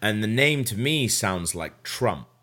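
Low-voiced podcast host, loose and rambling storyteller. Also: male voice, animated, unhurried, bright, forceful tone. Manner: rambling, with many fillers and self-corrections. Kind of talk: casual storytelling.

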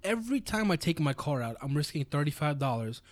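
Fast-talking New man, animated. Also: a little high, no room sound. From New York. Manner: animated storyteller, swears freely. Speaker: podcast co-host. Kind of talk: casual chat.

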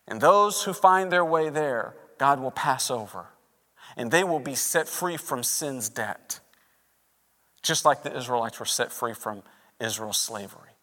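A man's voice: sits high, moderate pace, big-room sound. A man preaching a sermon, telling a story with energy and acting out the voices in it. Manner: animated storytelling, acting out quoted lines. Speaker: pastor.

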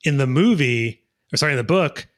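A man's voice: medium pitch, lively intonation, fairly quick. Rambling man in a casual movie chat. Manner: rambling, hedging with many fillers. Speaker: podcast co-host.

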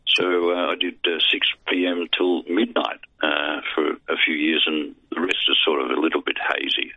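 An older Australian man with no teeth, a veteran broadcaster and voice artist, rambles through self-deprecating stories and dry jokes as a guest on a phone line during a casual anecdotal interview. His gummy speech comes in an extremely low, husky voice with a flat delivery and moderate pace. The tinny phone line is dry, with no echo.

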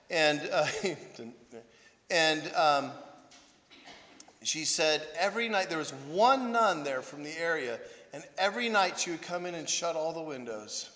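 A long reverb tail follows this slightly high, fairly bright male voice. He's a priest and monk giving an anecdotal sermon, full of self-deprecating humor and frequent "right?" check-ins.

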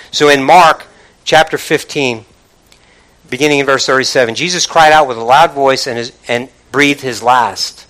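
High, bright-voiced male preacher. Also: rough recording. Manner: call-and-response preaching, builds to shouting. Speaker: pastor. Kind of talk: sermon.

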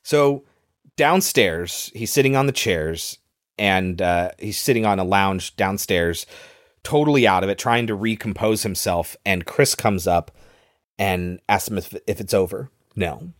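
A man's voice: deep voice, measured pace, no echo, studio quality. A man casually retelling a film scene by scene, with loose fillers along the way. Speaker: podcast host recapping a film.

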